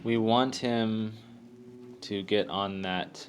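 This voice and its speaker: A man giving rambling, halting gameplay commentary as a let's play host, joking at his own expense. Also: lowish voice, fairly even intonation. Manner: rambling, halting, self-deprecating. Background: faint game music.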